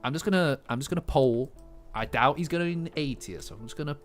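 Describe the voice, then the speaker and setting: A man's voice: a little high, fast talker, faint music behind. A man hosting a live stream, chatting casually and teasing his viewers. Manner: playful, bantering with chat.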